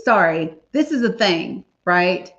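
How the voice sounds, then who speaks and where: A woman's voice: lowish voice, animated, slow pace, a bit bright. A woman hosting a casual livestream, talking emphatically and directly to her viewers. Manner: emphatic, talks straight to viewers. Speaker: livestream host. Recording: dull lo-fi stream audio.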